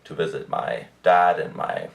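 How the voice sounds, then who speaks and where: A man's voice: extremely low pitch, expressive, unhurried, creaky, lo-fi sound. A young man from Germany talking casually to camera in a rambling pet update, with frequent fillers and restarts. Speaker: pet vlogger. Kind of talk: casual monthly update vlog.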